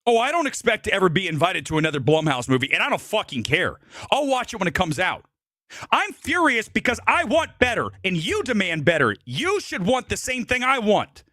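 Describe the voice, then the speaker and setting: A man's voice: high-pitched, wildly swooping pitch, a little fast, pushed and bright, no room sound, clean studio sound. A man hosting a live movie show, delivering an angry, profanity-laced rant at a producer. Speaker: movie podcast host. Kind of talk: live-streamed film rant.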